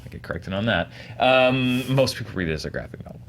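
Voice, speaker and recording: A man co-hosting a casual panel show, talking in a measured, analytical and wry way. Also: mid-range voice, expressive, a bit bright. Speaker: co-host.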